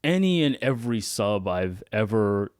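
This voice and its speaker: A man's voice: fairly low pitch, big pitch swings, a little slow, darkish tone, clean tone, dry recording, studio quality. A man co-hosting a casual podcast, speaking frankly and with firm opinions, often checking in with "right?". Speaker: podcast co-host.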